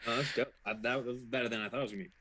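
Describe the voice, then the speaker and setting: A man playing in a tabletop game, chatting casually as his character in a relaxed, joking way. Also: medium pitch, racing, breathy edge, poor audio. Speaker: player.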